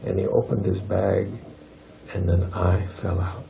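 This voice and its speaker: A man's voice: low voice, flat delivery, unhurried, gravelly, slight background noise. A man leading an informal spiritual gathering, telling a story in an earnest way and circling back to repeat key points. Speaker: spiritual talk leader. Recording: lo-fi dull recording.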